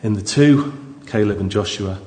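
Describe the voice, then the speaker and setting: A man's voice: on the low side, normal speed, a little mellow. A man preaching a sermon to his congregation, conversational and jokey, with restarts and asides. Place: church. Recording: reverberant church hall.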